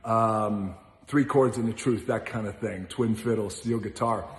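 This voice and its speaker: A man telling a casual, animated anecdote, now and then breaking into song and laughing as he goes. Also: lowish voice, measured pace. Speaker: storyteller answering questions. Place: large gym. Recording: roomy echoey hall.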